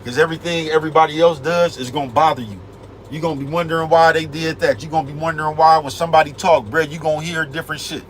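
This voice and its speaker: A man's voice: fairly high pitch, steady tone, quick pace, a bit bright, rough recording. A man vlogging in a casual rant, full of street slang and the same catchphrase over and over. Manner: streetwise slang, repeats "you know what I'm talking about".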